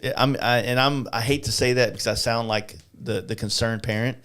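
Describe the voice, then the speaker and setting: A man's voice: mid-range voice, fairly even intonation, a little fast, fairly bright tone. A man co-hosting a motorcycle event, chatting casually on a podcast in a loose, rambling way. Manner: loose, rambling, laughs often.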